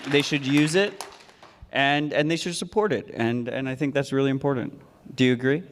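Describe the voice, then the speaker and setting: A man's voice: medium pitch, steady tone, moderate pace. A man bantering on a conference stage in a rambling, mock-solemn way, repeating his words. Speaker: award recipient on stage. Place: conference stage in a large hall. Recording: long hall reverb.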